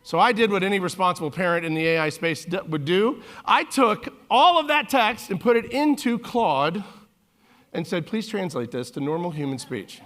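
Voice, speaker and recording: A man in his forties speaks from a conference stage in an animated, joking keynote style. His voice sits a bit high for a man, and he slips into little character voices whenever he quotes someone. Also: moderate pace. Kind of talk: humorous keynote storytelling.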